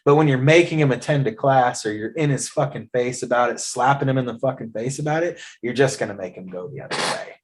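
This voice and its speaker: Here the Eastern Oregon podcast host, a man in his thirties, talks fast at a medium pitch with hardly any pauses. It's a casual interview, and his storytelling is blunt and full of swearing.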